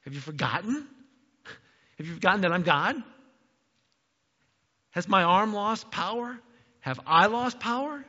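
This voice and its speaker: A man's voice: sits high, animated, a little slow, pauses often, bright, forceful tone, big-room sound, lo-fi sound, exaggerated voice. A man voicing God as an exasperated, indignant figure, incredulous and teasing.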